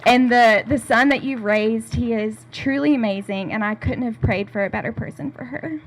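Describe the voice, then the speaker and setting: A young woman makes an off-the-cuff wedding toast at a rehearsal dinner. She talks casually and rambles a little, with plenty of fillers, in a fairly high voice. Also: moderate pace. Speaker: maid of honor giving a toast.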